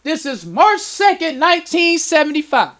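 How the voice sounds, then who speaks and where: A male minister with a very high, piercing voice preaches to his congregation. He talks with strong emotion and climbs into sudden shouts. His tone stays sharp and forceful throughout. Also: big pitch swings, moderate pace. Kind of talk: preaching lecture. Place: temple lecture hall.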